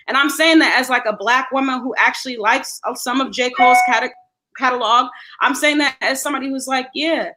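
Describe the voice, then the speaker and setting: A young woman in her twenties talking as a guest in a casual podcast chat, emphatic and wry, with quick asides. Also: high voice, heavy background noise.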